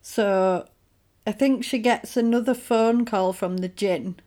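Woman gabbing about a movie, does all the characters' voices, lively. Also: mid-range voice. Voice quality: animated storyteller, acts out characters' lines in quick voices. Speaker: podcast co-host recapping a film. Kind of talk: casual chat.

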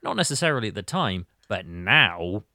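Chatty animated male podcast host. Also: lowish voice, normal speed, no room sound. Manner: animated, rambling, acts out quotes. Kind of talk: casual film discussion chat.

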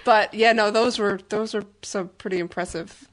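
A woman's voice: medium pitch, steady tone, moderate pace. A woman co-hosting a podcast in casual, enthusiastic chat. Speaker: podcast co-host.

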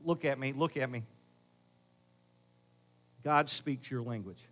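A middle-aged pastor preaching a sermon, talking to the congregation in a conversational way, swinging between loud emphasis and quiet asides. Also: male voice, mid-range voice, takes it slowly.

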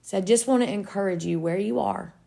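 A woman's voice: mid-range voice, fairly quick, creaky, warm tone. A woman giving an earnest, heartfelt faith-based encouragement talk. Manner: earnest, heartfelt, with some restarts. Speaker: devotional speaker.

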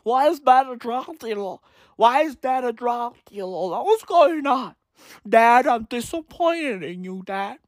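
A woman's voice: fairly high pitch, expressive, unhurried, no echo, studio quality. A woman mocking a whiny teenage boy.

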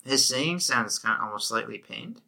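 A man's voice: mid-range voice, expressive, brisk, gravelly, sharp tone. A man co-hosting a casual album review podcast, laid-back and filling his talk with "like". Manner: laid-back, heavy use of "like". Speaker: podcast co-host.

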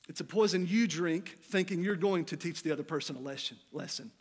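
A middle-aged man preaching a sermon, telling a candid personal story that swings between loud, animated passages and quiet, hushed ones. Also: fairly high pitch, a little fast, few pauses, slightly rough. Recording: long hall reverb.

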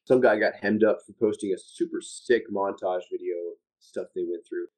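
A man, a former Marine, telling stories from his service in a relaxed, casual way, laughing often and acting out the things people said to him. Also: on the low side, moderate pace. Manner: laid-back, laughs often, acts out quoted exchanges. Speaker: interview guest, former Marine. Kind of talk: casual storytelling. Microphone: phone.

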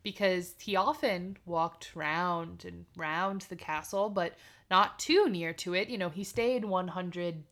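A woman's voice: fairly low pitch, slow, fairly bright tone. A woman co-hosting a podcast who reads a fairy tale aloud and breaks off for dry, joking asides. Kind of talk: casual reading with banter.

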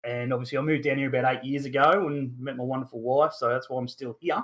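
An Australian man in his thirties hosts a casual sports chat show with a middle-pitched voice. He rambles freely, leaning on fillers and the occasional mild curse word. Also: fairly even intonation, fast, fairly bright tone. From Newcastle, Australia. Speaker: podcast host.

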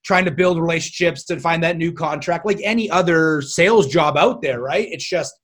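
A man guesting on a podcast, talking in a chatty, animated way and swearing casually. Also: a little high, moderate pace. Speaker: guest, self-defense instructor.

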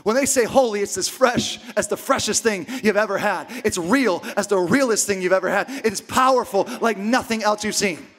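A male pastor delivers a sermon in a notably high voice. He preaches emphatically, repeating key words, climbing to shouts and then sinking to a hush. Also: fairly quick, few pauses, some chatter behind. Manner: emphatic preaching with repetition, swings from loud shouts to hushed near-whispers.

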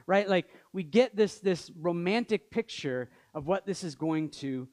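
Pastor, thirties, light high voice, relaxed preaching with jokes. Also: male voice, a little slow, hardly any pauses. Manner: conversational, joking asides. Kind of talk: sermon.

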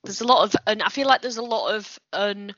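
A woman's voice: medium pitch, fairly quick, a bit bright, no echo. Woman, casual podcast chat, dry teasing humor, dry muffled lo-fi sound. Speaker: podcast co-host. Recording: dull dry lo-fi audio.

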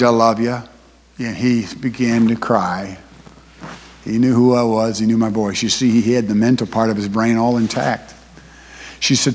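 Older male pastor, mid-pitched voice, folksy sermon delivery with sudden hushed lines, long hall echo. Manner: folksy, swings from loud to hushed.

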